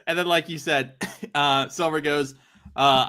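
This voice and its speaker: Bright-voiced man, chatty and laughing. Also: a little high, fairly even intonation, a little slow, clear, resonant tone. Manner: laughs often while retelling scenes. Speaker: podcast host. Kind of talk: casual comic-book discussion.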